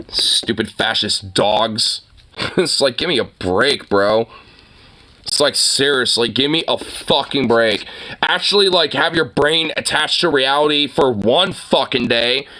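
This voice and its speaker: An online commentator with a mid-range, bright, pushed voice delivers a profane political rant. He rambles through plenty of filler words and breaks into mocking laughter.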